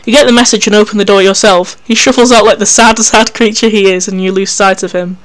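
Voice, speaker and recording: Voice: medium pitch, fairly even intonation, fast, a bit bright. A narrator reading an interactive story game aloud in a wry, casual way, swearing freely.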